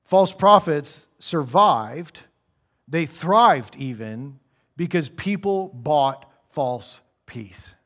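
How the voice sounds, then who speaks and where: A man preaching a sermon in a church, conversational, acting out little voices and dropping quiet for serious points. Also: fairly high pitch, animated, drawn-out words.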